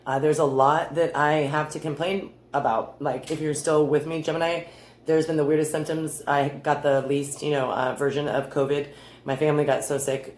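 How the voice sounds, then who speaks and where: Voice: mid-range voice, a little hiss or hum. Rambling, chatty tarot reader in an echoey room. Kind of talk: casual chat to camera. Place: room in their new home.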